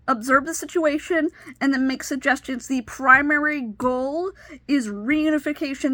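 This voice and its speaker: A woman's voice: sits high, fairly bright tone, dry recording. A woman in her thirties telling a personal story with emotional, indignant retelling. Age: 30s. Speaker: vlogger.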